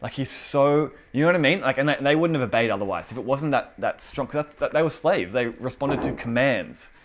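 A young man preaching a casual, conversational sermon with an animated delivery and lots of fillers. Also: mid-range voice, brisk, slight background noise.

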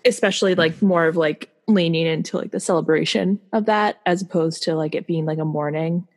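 A woman with a lowish voice co-hosting a podcast. She thinks out loud in a relaxed, meandering way, with plenty of fillers. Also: fairly quick. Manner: thoughtful, meandering, lots of fillers. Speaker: podcast co-host. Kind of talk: casual chat.

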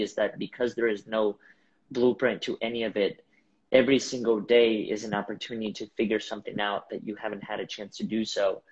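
A man hosting a podcast, reflecting in a halting, thoughtful way. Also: lowish voice, breathy edge. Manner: reflective, halting, with fillers and restarts. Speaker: podcast host. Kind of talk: casual podcast conversation. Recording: dull lo-fi sound.

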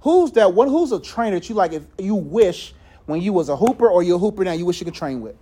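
High-voiced animated man in casual talk. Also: quick pace. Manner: animated storyteller who acts out quotes, laughs often; loose conversational phrasing with many "like"s. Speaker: faith talk leader. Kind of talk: casual faith talk with a group.

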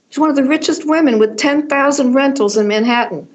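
An older woman, a fashion designer appearing as a guest, who tells animated stories and often restarts her sentences. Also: high voice, brisk, lo-fi sound. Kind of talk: conversational storytelling.

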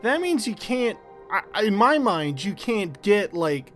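A man with a mid-pitched, lively voice reacts to a story on a casual podcast. He asks eager questions, swears freely and jokes, with faint music in the background. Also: slow. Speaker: podcast co-host. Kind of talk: casual chat.

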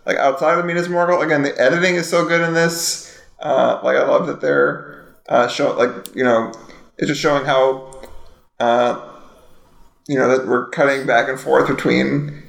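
A man co-hosting a podcast in a casual, rambling way, with many fillers and restarts. His voice has a gravelly fry, and the room around him is echoey. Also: mid-range voice, little pitch movement, moderate pace, a bit bright. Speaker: podcast co-host. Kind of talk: casual chat.

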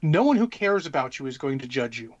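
This man's voice sits at medium pitch with big swings up and down, and he talks fairly quickly. Co-hosting a podcast, he keeps things relaxed, curses freely and hands out easygoing advice, all on audio with the highs cut off.

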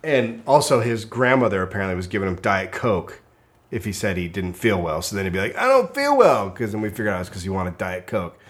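A middle-aged man co-hosting a casual comedy chat, tossing out deadpan absurd jokes. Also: low voice, fairly quick. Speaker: podcast co-host.

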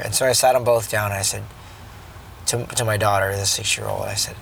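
A man's voice: lowish voice, fairly even intonation, fairly quick, creaky, fairly bright tone, a little hiss or hum. A man in his thirties, a father, talking through a reflection on parenting in a casual vlog that turns preachy, earnest and rambling with many restarts, from inside a car.

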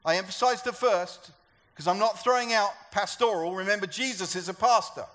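A man's voice: high voice, normal speed, fairly bright tone. A man preaching a sermon to a church gathering, talking conversationally and asking the congregation questions. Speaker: pastor.

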